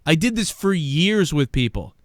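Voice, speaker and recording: A man hosting a podcast, ranting in a profane, animated way and mimicking people as he talks. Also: fairly high pitch, moderate pace, no room sound, studio quality. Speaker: podcast host.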